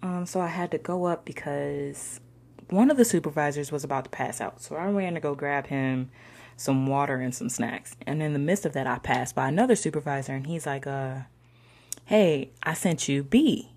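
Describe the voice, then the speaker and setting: Young woman telling a story, slangy and chatty, raspy low voice with some fry. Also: brisk. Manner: slangy, conversational, drops into soft whispers. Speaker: discussion participant. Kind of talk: casual personal storytelling.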